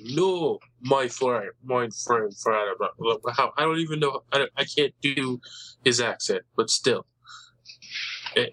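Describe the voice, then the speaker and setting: A man's voice: medium pitch, pushed and bright, no room sound, poor audio. A man hosting a casual podcast chat, rambling eagerly about comic books. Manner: rambling, eager comic-book fan talk.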